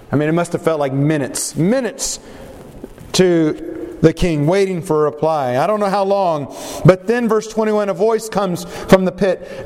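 A man preaching a sermon, telling a story dramatically, with sudden swings in pitch and pace. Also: a little mellow, long reverb tail. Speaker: pastor.

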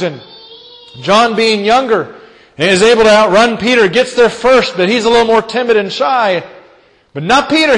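High-voiced preacher in a reverberant hall. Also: male voice. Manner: dramatic storytelling, swinging pitch and loudness. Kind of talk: sermon with scripture reading.

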